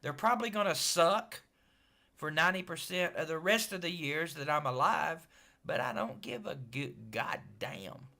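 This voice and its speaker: A middle-aged man ranting in a put-on gruff tough-guy voice, profane, boastful and loud, trash-talking a rival fan in a video. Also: fairly high pitch, lively intonation, unhurried. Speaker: sports fan vlogger.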